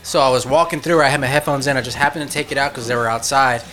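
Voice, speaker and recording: A laid-back man with a bright, forceful tone, chatting loosely and sprinkling in "dude" and curses. Faint music sits behind the talk. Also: mid-range voice, racing. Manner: laid-back, says "dude" a lot, swears. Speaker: podcast co-host. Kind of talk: casual chat.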